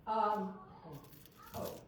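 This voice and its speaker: A woman who is a local elected official, giving a chatty, joking, personal speech at a council meeting, with a noticeable accent. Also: very slow. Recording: echoey chamber, distant mic, background noise.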